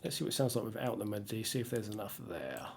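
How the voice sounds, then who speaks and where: A man's voice: fairly low pitch, very animated, racing, vocal fry, a little hiss or hum. A man hosting a music tutorial, thinking aloud and humming melodies as he works. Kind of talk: casual screen-recorded tutorial. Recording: loud music under voice.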